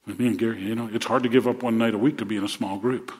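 A man's voice: fairly low pitch, steady tone, rapid-fire. A male pastor preaching a sermon to his congregation in earnest, repeating words as he builds to rousing emphasis.

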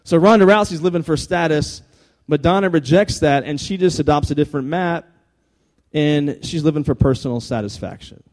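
A man giving an animated, humorous talk to a live audience. He jokes, repeats phrases and keeps calling for the crowd's attention. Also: a little high, normal speed. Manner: energetic, jokey, repeats phrases, calls for attention. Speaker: speaker addressing a live audience.

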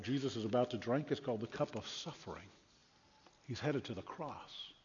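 A male pastor preaching a sermon in an animated storytelling manner with emphatic bursts. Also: medium pitch, normal speed, slight background noise. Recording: dull lo-fi sound with long hall reverb.

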